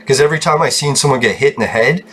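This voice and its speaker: A young man talks casually over his gameplay in a middle-pitched voice. He rambles from one thought to the next, swears freely and breaks into laughter. A faint background hiss sits under the voice. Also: rapid-fire, fairly bright tone. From Canada. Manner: rambling, profane, laughs often. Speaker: gaming channel host. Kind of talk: casual chat while gaming.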